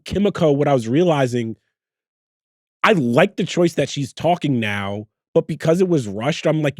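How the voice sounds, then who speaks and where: A man co-hosting a podcast in casual chat, animated and swearing freely, acting out his own thoughts. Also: a little high, dry recording, studio quality. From New Jersey. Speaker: podcast co-host.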